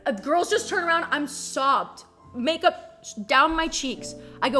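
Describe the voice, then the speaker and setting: A young woman streamer telling a story in a casual, animated and profane way, full of "like". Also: high-pitched, measured pace, soft background music.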